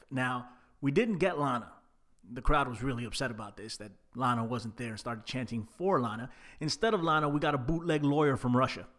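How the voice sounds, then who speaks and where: A man's voice: medium pitch, a bit bright. A man casually reviewing a wrestling show, chatty and laid-back with plenty of fillers. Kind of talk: casual solo recap.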